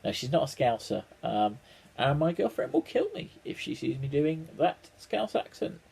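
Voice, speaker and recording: A man's voice: a little high, sing-song, normal speed, creaky, darkish tone, husky. A man chatting casually to camera as a vlogger. He rambles wryly, with many ums, restarts and the odd swear word. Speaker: vlogger reacting to a trailer.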